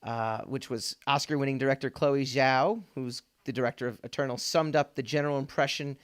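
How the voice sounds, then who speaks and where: A man's voice: medium pitch, steady tone, brisk, clean tone. A man hosting a casual pop culture podcast, rambling with lots of fillers and restarts. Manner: rambling, laughs often, many fillers and restarts. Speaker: podcast host.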